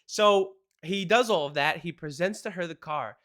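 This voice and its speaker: A man hosting a casual advice show, his voice sitting high and sounding bright and forward. He talks quickly and excitedly and laughs often as he explains. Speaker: podcast host. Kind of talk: casual marriage advice talk.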